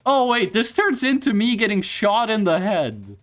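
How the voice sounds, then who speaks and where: A man on a live stream, talking in a raised, high register that swings up and down. He is hyped and swears freely as he reacts to viewers' chat. Faint music plays behind him. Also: very animated, a little slow, hardly any pauses, fairly bright tone. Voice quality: voice pitched higher on stream.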